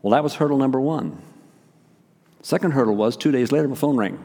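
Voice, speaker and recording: A pastor telling a personal story in a sermon, acting out each quoted exchange. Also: male voice, mid-range voice, fairly quick. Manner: animated storyteller, acts out quoted dialogue. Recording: long reverb of a large hall.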